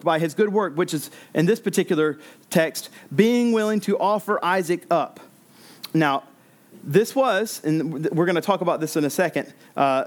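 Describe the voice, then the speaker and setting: Earnest man preaching, slightly high voice. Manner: earnest, repeats words and restarts while explaining. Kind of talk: expository sermon.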